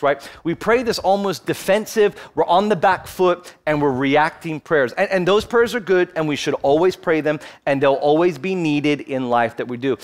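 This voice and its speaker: A man's voice: on the high side, moderate pace, hardly any pauses. A man in his thirties preaching a sermon as pastor, telling a personal story and building to fervent exhortation. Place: church, streamed online.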